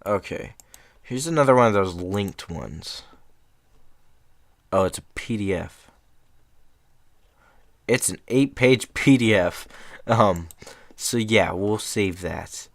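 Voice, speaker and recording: A man's voice: fairly low pitch, lively intonation, slow pace, pauses often, dry recording. A young man reading short horror stories aloud in a casual, rambling way, breaking off for chatty asides.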